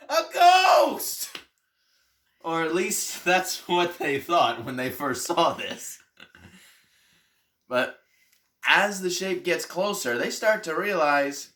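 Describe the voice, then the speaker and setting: A male pastor leading a Sunday school storytelling lesson. He tells the story in an animated way and turns soft for emphasis. His voice is bright and unhurried. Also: fairly high pitch.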